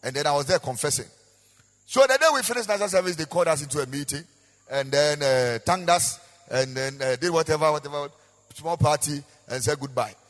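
A man's voice: fairly high pitch, brisk. A man with a Ghanaian accent preaching a sermon as pastor, with a sing-song, repetitive delivery. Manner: preaching with sung, rising and falling emphasis and repetition. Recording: echoey hall with long reverb.

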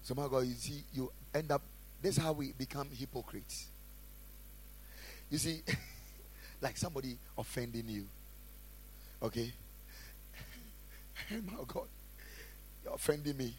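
A man preaching a sermon as a pastor, asking the congregation questions and swinging between shouted lines and quiet asides. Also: medium pitch, a little slow, pauses often, slight background noise, low-quality recording. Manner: preaching with call-and-response questions.

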